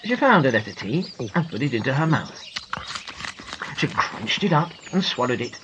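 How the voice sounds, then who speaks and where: A woman narrating a children's storybook in a gentle, expressive manner. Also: sits low, normal speed, muffled recording, background noise.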